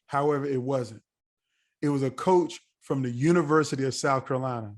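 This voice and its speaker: A man's voice: medium pitch, a little fast. A middle-aged man from the United States telling a story as a podcast guest, acting out the voices of the people he quotes. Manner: animated, acts out quoted voices. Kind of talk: storytelling in a casual interview.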